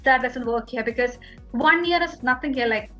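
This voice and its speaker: A young Indian woman speaks in a chatty, easygoing way, her voice sitting a little high. She leans on fillers as she explains things. The sound is muffled and lo-fi, with soft music underneath. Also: normal speed. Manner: chatty, fillers like "like" and "you know". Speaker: interview guest, international student. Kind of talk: casual interview chat.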